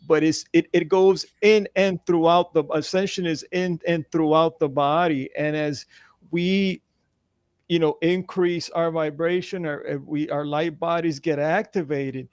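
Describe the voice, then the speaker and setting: A male guest in a casual spiritual chat, talking haltingly with many repeated words and restarts. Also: fairly high pitch, darkish tone, no echo, clean studio sound.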